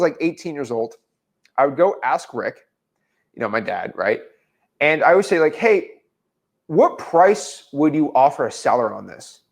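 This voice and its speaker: A man in his twenties who coaches real estate in casual teaching talk and acts out conversations in an animated way. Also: fairly high pitch.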